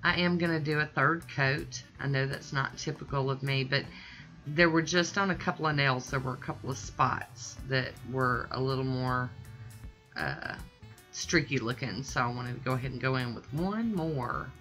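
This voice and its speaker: Woman, very low voice, bright tone, casual chatty nail art vlog, gushing. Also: normal speed, faint music behind. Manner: chatty, gushing, self-deprecating. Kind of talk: casual tutorial narration.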